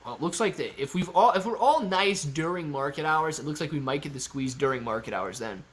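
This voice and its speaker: A man's voice: on the high side, animated, fairly quick, fairly bright tone. Playful man hosting a casual livestream. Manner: reads viewer comments aloud and answers them; playful and joking. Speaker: livestream host.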